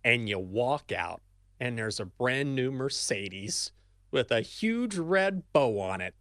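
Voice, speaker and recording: A middle-aged man co-hosting a sports betting podcast, chatting casually, often restarting and correcting himself in an animated way. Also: medium pitch, slow pace, no room sound, studio quality. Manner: rambling, self-correcting, animated. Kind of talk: casual chat.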